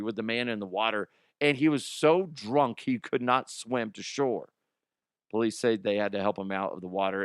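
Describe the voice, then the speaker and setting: A middle-aged man hosts a comedy news show and rants profanely about strange headlines. He shifts between loud mock outrage and low mumbled asides. His voice sits at an average pitch, and the recording is close and dry. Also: clean tone, no echo.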